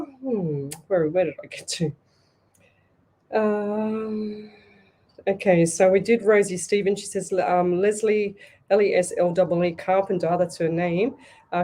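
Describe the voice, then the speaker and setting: A woman's voice: fairly low pitch, mellow. A woman with an Australian accent hosting a live psychic reading show, talking bluntly and passionately, often restarting her sentences. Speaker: psychic medium radio host.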